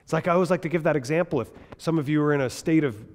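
A man teaching a Bible class in a lively, conversational way, asking his listeners questions as he goes. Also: fairly high pitch, racing, in a large hall. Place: large classroom or hall.

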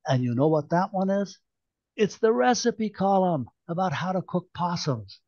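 A man's voice: high-pitched, animated, moderate pace, a little mellow, no room sound, muffled recording, pitched above the performer's own voice. Sarcastic activist woman Merica, as a male author reads her. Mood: indignant. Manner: sarcastic, pointed rhetorical questions. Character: indignant sharp-tongued woman activist.

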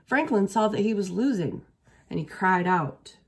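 A woman reading a children's picture book aloud as a storyteller, steady and expressive. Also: medium pitch, a little slow, husky.

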